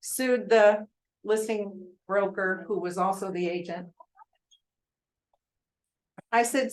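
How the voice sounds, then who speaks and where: Older woman, seasoned realtor, informal talk to a room of colleagues; chatty storyteller who tosses questions to the crowd, mid-pitched voice. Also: steady tone, takes it slowly, long pauses, low-quality recording. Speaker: real estate agent addressing colleagues.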